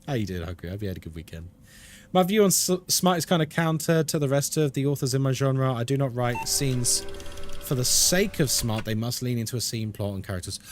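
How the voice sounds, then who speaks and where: A man's voice: mid-range voice, animated, brisk, soft background music. Chatty British man streaming games. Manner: chatty, laughs a lot, reads chat aloud. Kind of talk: casual live-stream chat.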